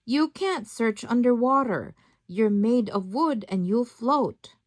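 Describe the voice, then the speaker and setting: A woman reading a storybook aloud, voicing a small excitable male cricket who shouts urgent orders. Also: a little high, slow pace, no echo, studio quality. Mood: warning.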